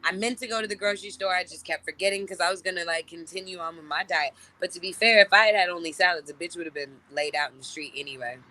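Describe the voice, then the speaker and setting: A woman in her thirties, a guest telling stories in a casual, profane way and acting out quoted lines in loud, high voices. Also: quick pace, hardly any pauses. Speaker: celebrity guest. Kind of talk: casual storytelling chat.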